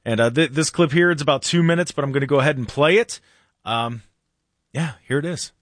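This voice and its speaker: A man's voice: a little high, a little fast, no echo, clean studio sound. A man hosting a talk radio show, chatting casually and laughing as he reacts to clips. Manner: animated, laughing often.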